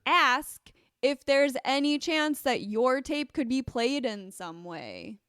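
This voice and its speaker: Woman, podcast co-host, casual recap chat, fairly high voice, dry close sound. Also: very animated, slow, clean tone, no echo. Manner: chatty, lots of "like" fillers.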